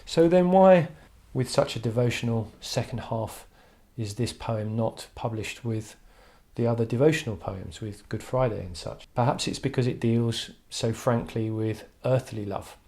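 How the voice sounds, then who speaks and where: A man's voice: medium pitch, measured pace, vocal fry, hardly any pauses, warm tone. A man teaching an English literature lesson online, talking thoughtfully with frequent "um"s and restarts. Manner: thoughtful, hesitant with frequent fillers.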